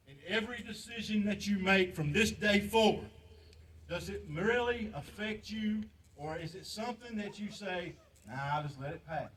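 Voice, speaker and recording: A man's voice: sits high, moderate pace, a bit bright, recorded from a distance, a little hiss or hum. An older man, a veteran giving an impassioned, pleading patriotic speech at a memorial ceremony, repeating lines for emphasis. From United States. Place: outdoor memorial park.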